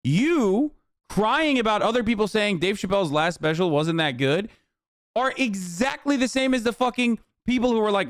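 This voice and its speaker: A man streaming a reaction, ranting with heavy profanity and tagging lines with "okay?", often building to shouted tirades. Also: high voice, very animated, moderate pace, no room sound, studio quality. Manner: profane, repetitive "okay?" tags; escalates into yelling tirades.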